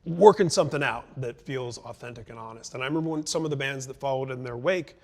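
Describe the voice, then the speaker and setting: A man's voice: medium pitch, quick pace. A middle-aged man hosts a conversational interview in an ordinary mid-range voice. He speaks in long, reflective turns and builds his points thoughtfully. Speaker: interview host.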